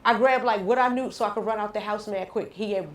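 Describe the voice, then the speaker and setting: A woman's voice: mid-range voice, quick pace, echoey room. A woman guest in a candid radio interview, telling a personal story bluntly and with slang.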